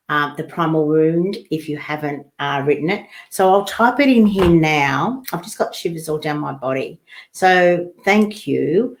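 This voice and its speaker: A woman hosting a live online talk, chatting loosely and reading out viewer comments, rambling with fillers and restarts. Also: deep voice. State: coughing and sneezing at times.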